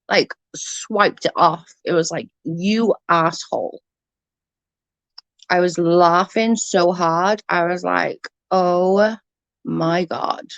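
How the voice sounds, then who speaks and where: A woman's voice: fairly low pitch, no room sound. A woman chatting casually on a livestream, rambling and swearing freely while answering comments. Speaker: livestream host.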